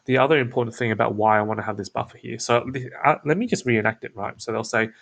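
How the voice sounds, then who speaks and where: A man's voice: mid-range voice, quick pace, gravelly, a bit bright. A man hosting his own show, explaining a sales script in a casual screen-share walkthrough, laid back and full of restarts and fillers. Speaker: SEO business owner and show host.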